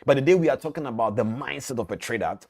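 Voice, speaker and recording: A man's voice: mid-range voice, fast, husky. A man teaching as a trading mentor, telling a parable and speaking directly to his listeners. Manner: animated storytelling, direct to listeners. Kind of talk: storytelling lesson.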